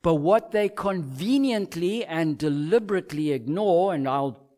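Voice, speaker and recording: A man's voice: on the high side, lively intonation, unhurried, mellow. A man preaching a sermon, emphatic and driving his points home with rhetorical questions.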